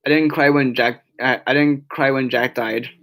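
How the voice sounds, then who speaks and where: A man's voice: mid-range voice, steady tone, moderate pace, fairly bright tone. A tired young man chatting on a casual live stream, reading chat aloud and rambling with many restarts and fillers. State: yawning, tired.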